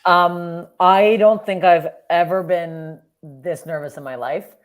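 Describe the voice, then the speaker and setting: A woman's voice: on the low side, slow pace. A woman from Canada, a comedian guest on a podcast, telling stories casually and swearing freely. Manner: swears freely, animated quoted voices.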